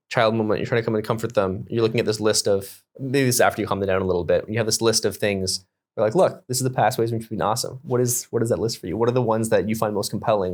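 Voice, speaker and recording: Man, lowish voice, podcast co-host, gently probing interviewer, casual. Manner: thoughtful, probing questions. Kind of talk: casual conversation.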